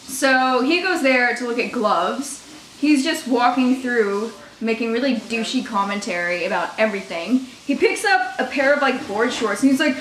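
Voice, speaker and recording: Young woman vlogging a story, kinda high voice, swears a lot, laughs, echoey room. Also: animated, moderate pace, a bit bright. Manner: swears freely, laughs often, mocks by quoting others. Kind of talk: casual storytime vlog. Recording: echoey room with faint noise.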